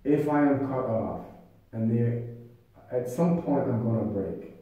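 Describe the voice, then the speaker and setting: A man's voice: medium pitch, measured pace, narrow, tinny audio. A man urgently recounting a grievance in a meeting, quoting what others said to him. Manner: earnest, urgent, often quotes others. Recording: very echoey room, voice far from mic.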